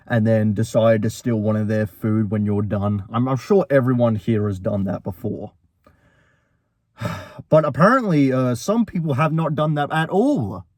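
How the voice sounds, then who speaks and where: A man's voice: mid-range voice, mellow, no echo. A young man telling a story casually, rambling, with many restarts as he recounts a quarrel. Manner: rambling, full of restarts, quoting both sides of a quarrel.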